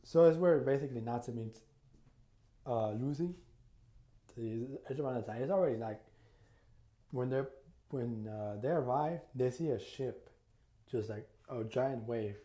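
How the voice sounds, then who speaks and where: A man's voice: medium pitch, unhurried, pauses often, dark tone. A man casually retelling an imagined crossover story as a YouTuber, rambling with lots of fillers and restarts. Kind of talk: casual fan-fiction storytelling.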